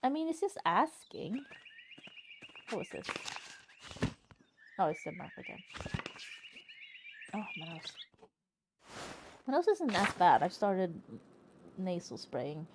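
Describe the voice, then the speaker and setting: A woman's voice: fairly low pitch, slow pace, long pauses, noisy background. A woman streamer chatting casually and joking while she plays a story game. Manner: joking, animated asides with laughter. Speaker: streamer playing a narrative game. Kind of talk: casual gameplay commentary.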